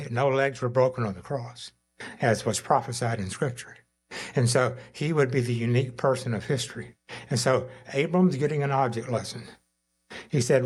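A man with a somewhat husky voice preaches in a relaxed, conversational way. He pauses often with fillers and lifts his voice to act out quoted lines within the sermon. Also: mid-range voice. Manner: conversational preaching with frequent fillers, voicing God and Abram in quotes. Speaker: pastor.

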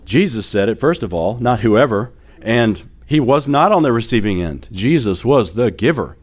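A man's voice: mid-range voice, lively intonation, normal speed. A middle-aged man preaching a sermon as pastor, telling stories in a conversational way with fillers and light laughter.

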